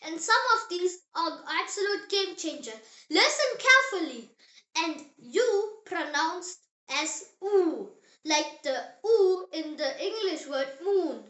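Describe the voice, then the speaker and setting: A very high, sharply bright voice leads a beginners' German lesson in an echoey room. The teacher speaks slowly and deliberately, carefully enunciating each example word for the listener to copy. The delivery stays upbeat and encouraging throughout. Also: sing-song. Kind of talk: scripted lesson narration for beginners.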